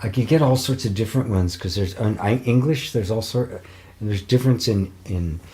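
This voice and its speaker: Man, older, low-pitched, casual rambling chat, chuckling. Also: a little fast, dark tone. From United States. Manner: rambling, chuckling, many fillers and restarts. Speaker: spiritual teacher. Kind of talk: casual live-stream chat, reading viewer comments.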